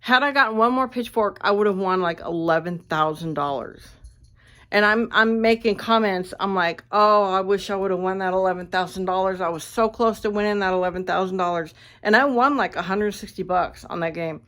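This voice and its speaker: A woman ranting casually to her viewers, blunt and animated, swearing freely, recorded on a phone indoors at a friend's house. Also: mid-range voice, a little fast. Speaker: vlogger.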